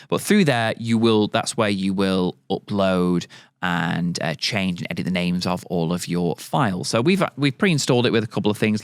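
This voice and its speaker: Guy demoing audio gear, low smooth voice, rambly and chatty, super dry close sound. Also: no room sound. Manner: loose and chatty, with many fillers and restarts. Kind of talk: casual product tutorial.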